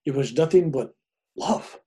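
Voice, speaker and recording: This older reverend, a guest, speaks with a husky, mid-range voice at a measured pace. He's an animated storyteller spinning a long, casual personal tale and performing the voices of its characters.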